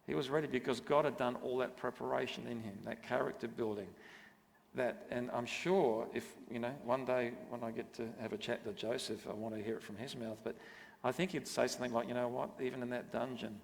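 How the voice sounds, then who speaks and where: A middle-aged man sharing an earnest, measured testimony from a church stage. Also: medium pitch, creaky. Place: church auditorium. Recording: long reverb of a church hall.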